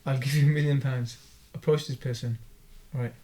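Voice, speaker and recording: A man's voice: medium pitch, fairly even intonation, normal speed, dark tone. A man hosting a podcast in casual chat, reflective and thoughtful. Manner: reflective, answers with short religious interjections.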